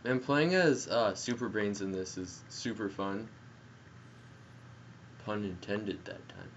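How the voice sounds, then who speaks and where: Casual teen gamer, excitable and jokey, slow drawl, muffled headset sound. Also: male voice, lowish voice, vocal fry. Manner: excitable, jokey, yells at the game. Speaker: gameplay commentator. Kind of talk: casual gameplay commentary. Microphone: gaming headset. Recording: dull headset audio with faint noise.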